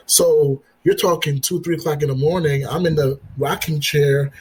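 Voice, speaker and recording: A man, a military veteran and father, telling his story as a podcast guest in an earnest, halting way, repeating himself and acting out the dialogue. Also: on the high side, steady tone, husky, rough recording. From United States. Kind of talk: personal storytelling in an interview.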